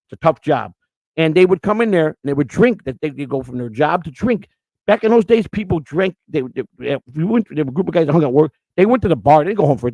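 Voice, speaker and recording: An older man telling stories from his childhood, animated and often restarting his sentences. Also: a little high, creaky, no echo. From Chicago. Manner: animated, restarts and repeats words. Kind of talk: casual storytelling.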